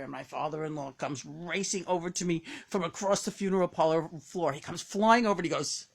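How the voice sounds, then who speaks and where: A woman psychic medium telling a story to her viewers, excited and candid, breaking into laughter often. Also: fairly low pitch, brisk, gravelly, few pauses.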